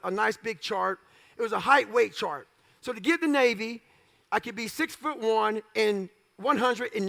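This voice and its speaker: A man's voice: very high voice, gravelly, bright, forceful tone. A middle-aged man telling a blunt, profane story on stage, acting out the dialogue himself. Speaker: motivational speaker. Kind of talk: storytelling speech.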